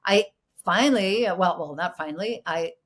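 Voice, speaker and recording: A woman from Mexico, a Spanish native speaker, telling stories as an interview guest in a lively, restarting way. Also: lowish voice, normal speed. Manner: animated, full of restarts, playfully mimics voices. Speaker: actress and producer, guest. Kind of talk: conversational interview storytelling.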